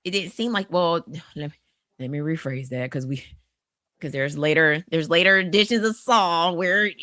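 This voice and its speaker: A woman co-hosting a casual podcast about horror films, talking in an animated way, often restarting her sentences and acting out the quotes she gives. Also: sits low, moderate pace, dry recording, studio quality. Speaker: podcast co-host. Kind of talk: casual horror film discussion.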